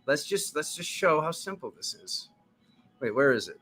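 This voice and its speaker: A man hosting a live tarot reading, his voice bright and forceful. He preaches with fervent urgency and keeps addressing the viewers as his family. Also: medium pitch, sing-song, moderate pace, breathy edge, soft background music. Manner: riled up, urgent. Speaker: tarot reader and channel host.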